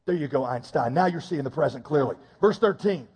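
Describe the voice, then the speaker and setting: A man preaching a sermon, reading scripture and adding quick comic asides. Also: a little high, very animated, darkish tone, husky, long reverb tail. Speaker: pastor.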